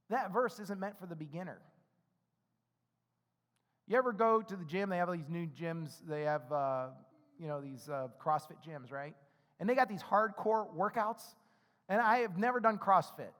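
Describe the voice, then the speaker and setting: A male pastor with a notably high voice delivers a casual, conversational sermon. He keeps acting out the characters' lines and asking "right?" as he goes. His voice rings with a long reverb from a large hall. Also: normal speed, long pauses, fairly bright tone. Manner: conversational, acts out the characters' dialogue; frequent tag questions "right?".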